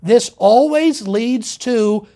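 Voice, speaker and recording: A man's voice: very high-pitched, extremely slow, dark tone. A man presenting a political lecture in an emphatic, insistent way.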